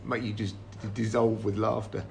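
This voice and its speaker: A man's voice: on the low side, flat delivery, normal speed, gravelly, a little mellow, a little hiss or hum. A man who played snooker professionally, chatting on a podcast and telling anecdotes he laughs through. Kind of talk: casual podcast chat.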